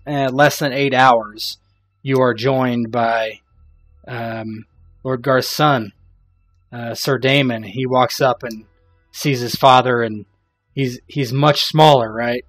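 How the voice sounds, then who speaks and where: A man narrating as game master in a casual tabletop game, loose and rambling, laughing often. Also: medium pitch.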